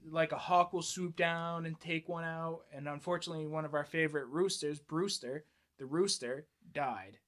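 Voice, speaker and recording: A man's voice: fairly high pitch, moderate pace, a bit bright. A young man chatting casually on a podcast, telling crude stories in a rambling, laid-back way. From United States. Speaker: podcast guest. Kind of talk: casual chat.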